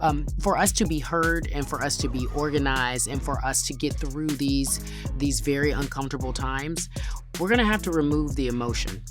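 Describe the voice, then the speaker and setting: A woman's voice: very deep voice, moderate pace, music in the background. A woman hosting a podcast, talking in an emphatic, conversational way and building her points in counted lists. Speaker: podcast host. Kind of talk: podcast monologue and interview.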